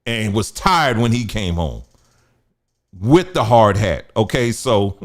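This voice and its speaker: Preachy man, low voice, conversational. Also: very animated, slow. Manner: conversational, preachy, emphatic advice. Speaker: podcast host. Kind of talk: casual monologue to listeners.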